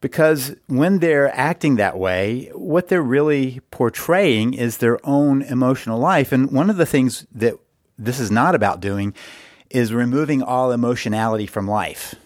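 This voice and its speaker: A man's voice: medium pitch, lively intonation, unhurried, no room sound, clean studio sound. A middle-aged man hosting an advice podcast, explaining marriage boundaries in an earnest way and repeating words for emphasis. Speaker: podcast host and marriage coach.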